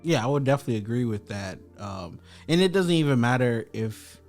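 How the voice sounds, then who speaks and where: A young man hosting a podcast in casual chat, giving advice in a measured, thoughtful way with small restarts. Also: mid-range voice, animated, a little mellow, soft background music. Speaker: podcast host.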